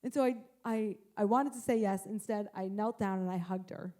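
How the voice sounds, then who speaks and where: A woman's voice: mid-range voice, normal speed, warm tone. A woman pastor in her thirties giving a sermon, telling a family story earnestly and acting out the voices in it. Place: church.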